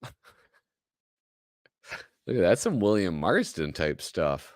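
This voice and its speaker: A man's voice: sits low, big pitch swings, slow, long pauses, no echo, clean studio sound. A man hosting a live show, chatting casually with rambling, joking asides that trail off mid-thought. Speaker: host. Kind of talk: casual live-stream commentary.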